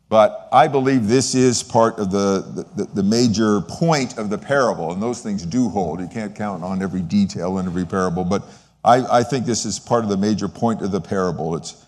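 A sentimental older man shares a testimony in the manner of a sermon. His voice sits a little low, and he talks in an earnest, halting way, often stopping to restart a thought. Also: a little mellow, long reverb tail. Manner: sentimental, voice wavering with feeling. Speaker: lay speaker sharing a testimony. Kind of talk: sermon-style talk.

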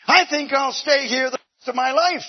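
A man's voice: very high-pitched, moderate pace, lo-fi sound. A man voicing a young baby eaglet in a sermon story, exclaiming in a raised voice. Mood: content.

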